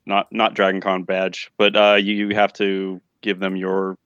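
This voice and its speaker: A man's voice: low voice, completely flat delivery, unhurried, a bit bright, clean tone, no echo, muffled recording. A man joining a casual group chat, rambling and hesitant as he explains something.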